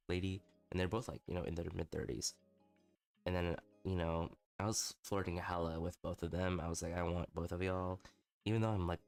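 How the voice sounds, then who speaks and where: A man's voice: deep voice, smooth. A young man livestreaming, telling a candid night-out story with lots of swearing and self-mocking. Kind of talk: casual storytelling stream.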